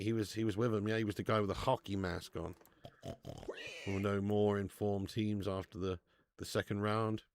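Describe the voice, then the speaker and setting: A man hosting a live football watch-along stream, chatting casually, swearing freely and loudly hyping up viewers who tip. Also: lowish voice, gravelly, no room sound. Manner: casual and sweary, with loud bursts of hype thanking viewers.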